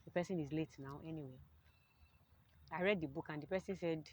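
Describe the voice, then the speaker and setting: Earnest woman with a lowish voice. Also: fairly quick, darkish tone, breathy edge. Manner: earnest, grows emphatic when giving advice. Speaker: testimony speaker. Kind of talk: personal testimony to camera.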